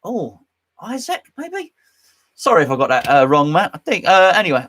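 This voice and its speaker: A man's voice: sits high, huge pitch swings, moderate pace, fairly bright tone. A man hosting a casual live stream from his home man cave, rambling and joking as he reads out chat comments. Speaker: host.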